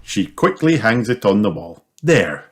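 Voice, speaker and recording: A man reading a children's storybook aloud in a slow, lively storytelling manner. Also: lowish voice. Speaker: storybook reader. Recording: noisy home recording with clicks.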